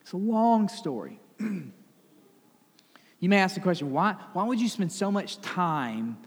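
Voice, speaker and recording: A man preaching a sermon in a conversational way, retelling a scripture story with lively asides. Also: high-pitched, unhurried, husky, long reverb tail. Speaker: pastor.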